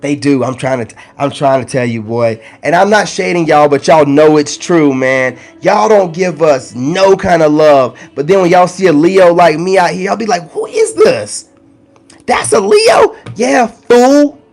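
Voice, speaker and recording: A man talking casually and directly to his viewers, animated and teasing, with big swings in his voice. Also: a little high, normal speed, gravelly, hardly any pauses, soft background music. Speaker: spiritual content creator. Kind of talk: casual direct-to-camera talk.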